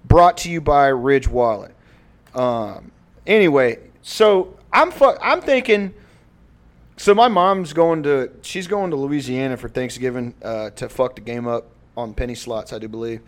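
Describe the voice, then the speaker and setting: A man's voice: medium pitch, expressive, unhurried. A young man co-hosting a podcast, chatting loosely and profanely, joking through an ad read. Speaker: podcast co-host. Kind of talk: casual podcast chat with ad read.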